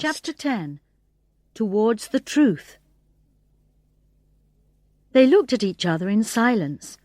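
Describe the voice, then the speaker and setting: A woman reading a graded English storybook aloud in a slow, clear narration, voicing the characters' lines expressively. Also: fairly high pitch, very animated, darkish tone, no room sound. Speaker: audiobook reader.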